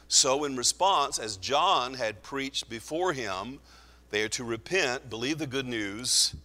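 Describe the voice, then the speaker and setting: A man's voice: medium pitch, pushed and bright. Earnest preacher man in a reverberant hall. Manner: earnest, emphatic, slows for stress. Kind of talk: sermon.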